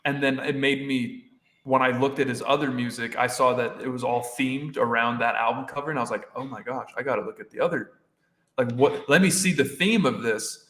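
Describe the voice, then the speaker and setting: Co-host type, casual excitable guy, roomy echo on the mic. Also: medium pitch, brisk. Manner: excitable, swears casually, laughs often. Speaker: stream co-host. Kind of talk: casual reaction chat.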